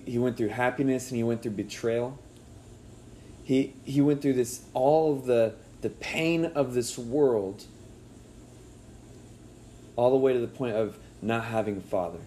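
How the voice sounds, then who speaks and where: A man delivering an earnest sermon in a mellow, warm voice. He preaches with feeling and often sinks soft and low at tender points. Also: a little hiss or hum. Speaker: pastor.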